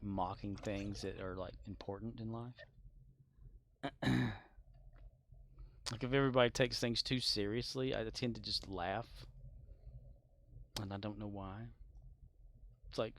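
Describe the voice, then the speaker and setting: A man's voice: on the low side, unhurried, long pauses, fairly bright tone. A man streaming a game, chatting casually as he plays, joking, rambling off on tangents and laughing often. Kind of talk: casual gameplay chat.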